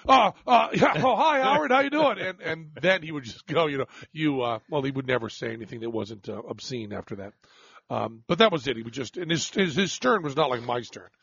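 Brief: male radio host, self-deprecating rambler, gravelly husky voice, lively pitch, dull lo-fi sound. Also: brisk, no echo. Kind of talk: casual radio chat.

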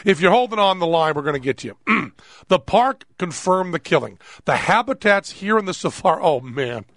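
A man's voice: high voice, expressive, moderate pace, fairly bright tone, dry recording. A middle-aged man hosting a comedy radio talk show, playful and rambling, laughing as he talks.

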